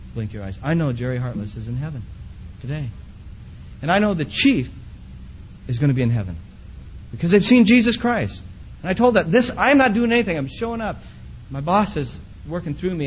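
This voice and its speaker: A man preaching, telling a story with lively swings from loud high outbursts to quiet low asides, then leading a prayer. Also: lo-fi sound, slight background noise. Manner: animated storyteller, voice leaps high in quoted speech then drops soft. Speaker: pastor.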